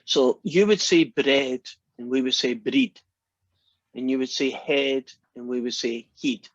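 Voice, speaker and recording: A man's voice: mid-range voice, normal speed, dry recording, muffled recording. A Scottish man giving a math lecture in a classroom, chatty and often restarting his sentences. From Scotland.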